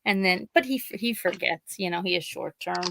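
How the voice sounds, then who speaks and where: A woman's voice: lowish voice, normal speed, vocal fry, very noisy. A woman hosting a podcast with a Pennsylvania accent, telling rambling family stories in casual chat and acting out what her relatives said. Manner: rambling storytelling, acts out quoted family members. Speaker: podcast host.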